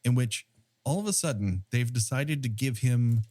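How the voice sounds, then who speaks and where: A man's voice: mid-range voice, animated, moderate pace, dark tone. A man in casual podcast chat who makes dry, wry quips.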